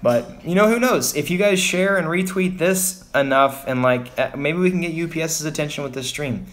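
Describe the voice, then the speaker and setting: A young Texan man rambles and sighs through a casual livestream, venting his frustration. His voice is a little high and fairly bright, at a normal speed.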